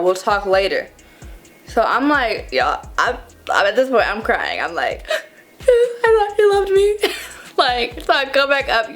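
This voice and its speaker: A young woman in her twenties telling a casual storytime to her viewers, dramatic and animated, calling them y'all. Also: on the high side. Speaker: vlogger.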